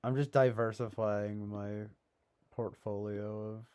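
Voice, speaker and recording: A man's voice: on the low side, fairly even intonation, slow pace, a little mellow, clean tone. A man hosting a casual livestream, rambling with lots of fillers and a sarcastic edge. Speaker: livestream host.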